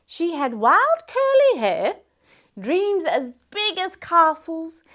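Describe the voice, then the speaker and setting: A woman's voice: very high-pitched, big pitch swings, slow, a bit bright. A woman reading a silly fairytale aloud for kids in a garden, with playful asides to her young audience. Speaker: children's storyteller. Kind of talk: read-aloud storytelling for kids. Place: outdoors in a garden.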